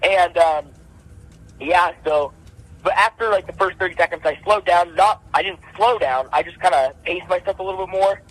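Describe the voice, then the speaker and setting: A man's voice: normal speed, low-quality recording. A young man, an amateur boxer, telling his story in casual podcast chat, acting out his punches with repeated sound effects. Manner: animated, acts out punches with repeated "boom".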